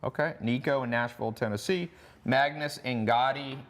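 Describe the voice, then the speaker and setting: A man hosting a course livestream, pitching in a brash, joking way and talking fast in bursts. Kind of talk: casual sales pitch livestream.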